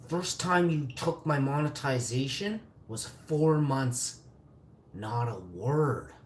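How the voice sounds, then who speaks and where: A man's voice: medium pitch, lively intonation, slow, slight background noise. A man in his forties ranting angrily on a live stream, cursing and bitter. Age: 40s. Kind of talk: angry live-stream rant. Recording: echoey room, faint ambience.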